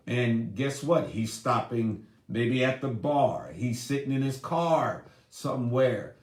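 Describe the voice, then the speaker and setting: Slow, earnest man speaking in an echoey room. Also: mid-range voice, darkish tone. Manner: earnest, deliberate, addresses audience directly. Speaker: grief speaker. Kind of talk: seminar talk.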